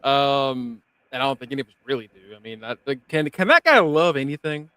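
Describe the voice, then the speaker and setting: A man co-hosting a casual podcast, recapping an episode in an animated way, swearing and laughing often. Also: mid-range voice, brisk, clean tone, dry recording.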